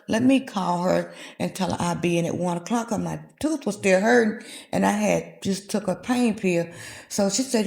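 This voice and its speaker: A woman's voice: mid-range voice, moderate pace, vocal fry, darkish tone. A woman in her fifties, a guest telling a personal story and acting out the voices in it. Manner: vivid retelling, acting out quoted dialogue. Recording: echoey room.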